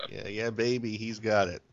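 A man hosts a podcast, chatting casually in a jokey, teasing way and chuckling often. His voice sits on the low side, and the audio is slightly dull and lo-fi. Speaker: podcast host. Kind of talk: casual chat.

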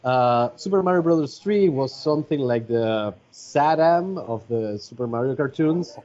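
A man's voice: mid-range voice, lively intonation, unhurried, darkish tone. Rambling man, Spanish native, lo-fi audio. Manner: rambling, hesitant, many fillers. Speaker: podcast host. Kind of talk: casual chat. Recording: dull lo-fi podcast audio.

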